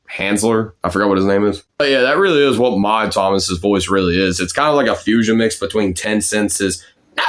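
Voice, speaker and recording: A young man talks through his voice practice in a loose, rambling way, full of fillers and false starts. His voice sits on the low side. He sounds like he is casually chatting to his viewers. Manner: rambling, many fillers and restarts. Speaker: amateur voice impressionist.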